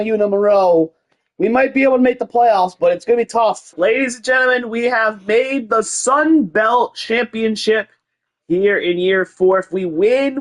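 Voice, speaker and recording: A man narrating his own video game run in a casual, mock-announcer style. He keeps calling out to "ladies and gentlemen" and reels off long strings of stats and scores. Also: high-pitched. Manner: rattles off stats in quick lists. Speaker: gaming channel host. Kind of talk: casual gameplay commentary.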